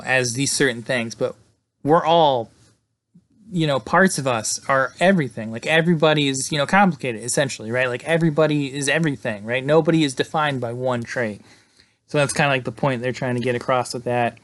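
A man's voice: medium pitch, fairly bright tone, clean tone. A man with an ordinary mid-range voice walks through a movie plot in a loose, rambling way, peppering it with fillers and the occasional curse. He sits close to a dry-sounding mic, with no room echo. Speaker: movie reviewer. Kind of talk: casual movie recap.

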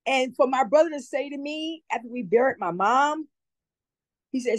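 A woman's voice: sits high, normal speed, no room sound, low-quality recording. A woman speaking as a community advocate guest, giving heartfelt, emotional testimony and often repeating herself.

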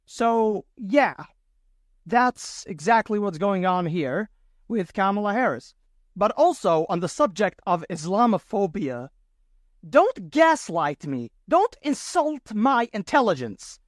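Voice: medium pitch, big pitch swings, unhurried, no echo, clean studio sound. A podcast host delivering a solo commentary monologue, indignant and sarcastic, firing off rhetorical questions. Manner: sarcastic mockery.

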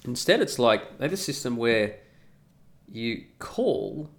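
A man's voice: medium pitch, sing-song, takes it slowly. A man in an opinionated, casual ranting monologue who swears freely.

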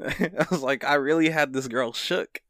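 A man's voice: fairly high pitch, normal speed, fairly bright tone, no echo, clean studio sound. A young man co-hosting a podcast, telling loose, rambling stories and laughing through them. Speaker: podcast co-host. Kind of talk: casual chat.

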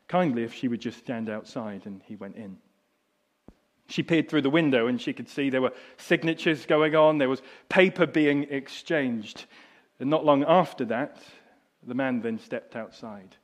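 A middle-aged man preaching a sermon, telling a story that drops soft and low and then rises loud and high. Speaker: pastor.

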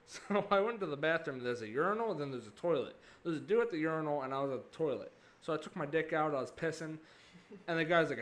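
Laid-back bright-voiced young man. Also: on the high side, a little fast. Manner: laid-back, swears freely. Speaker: podcast co-host. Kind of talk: casual storytelling.

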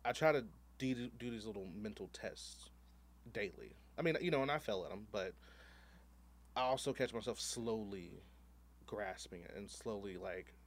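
A man's voice: fairly low pitch, moderate pace. A man hosting a podcast in casual chat, telling stories candidly and animatedly, with plenty of swearing and fillers. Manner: candid, profane, animated storytelling with many fillers. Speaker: podcast host.

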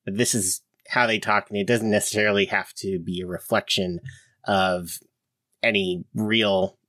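Low, bright-sounding guy hosting a podcast, dry close sound. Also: steady tone, normal speed, no echo. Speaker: host. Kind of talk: casual podcast discussion.

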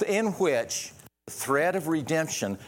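A man's voice: a little high, animated, slow pace. A man preaching a sermon as pastor, earnest, asking rhetorical questions and often restarting his sentences.

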